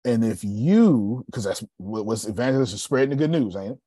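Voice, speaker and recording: A man coaches a group in a casual, joking way and keeps asking whether they are with him. His low voice is a bit husky, and the sound is dry and close. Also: fairly quick, dry recording. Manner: animated, joking, asks the room for agreement. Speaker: sales coach. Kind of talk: casual seminar talk to a group.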